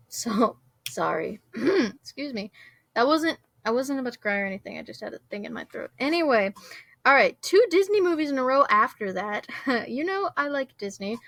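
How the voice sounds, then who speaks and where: A young woman vlogger talking casually, her fairly high voice tumbling along with filler words and little laughs. The sound is dry and close, with no room around it. She rambles and giggles her way through. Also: very animated, normal speed, gravelly, fairly bright tone, no echo. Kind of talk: casual chat.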